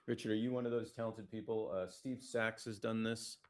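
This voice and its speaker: A man's voice: fairly even intonation, a little fast. A man giving live play-by-play commentary on a backgammon match, chatty and casual, reading out viewer comments and keeping his voice down so the players won't hear him. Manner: lowers his voice to stay quiet near the players.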